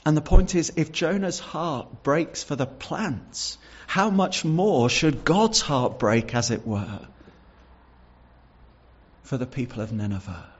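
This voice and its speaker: A man's voice: fairly high pitch, slow, slightly rough, muffled recording. A man preaching a sermon, reading Bible verses and explaining them earnestly, with some stumbles and repeated words. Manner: repeats words and restarts with fillers.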